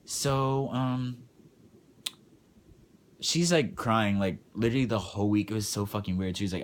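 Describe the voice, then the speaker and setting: Young adult male vlogger, low pitch, crude and blunt storytelling. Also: normal speed, long pauses. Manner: crude, swearing, filler-heavy, blunt. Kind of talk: casual storytime vlog.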